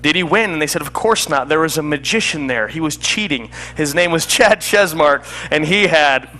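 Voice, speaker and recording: A comedy magician telling a joking story as patter for a card trick, chatty and laughing at himself. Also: male voice, fairly high pitch, lively intonation, normal speed, pushed and bright.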